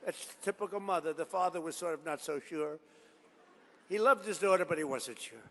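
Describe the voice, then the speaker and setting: A man delivers a rally speech in a fairly high, gravelly voice. He drifts into long stories and boastful asides, hammering his points home by repeating them. His voice rings out with the long reverb of a large hall. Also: moderate pace, sharp tone. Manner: rambling storytelling with boastful asides; repetitive, emphatic phrasing. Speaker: politician addressing a rally. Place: large event venue.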